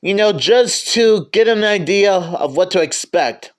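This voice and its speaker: A man's voice: high-pitched, animated, a little slow. A man giving a casual movie review, stammering and often restarting his sentences.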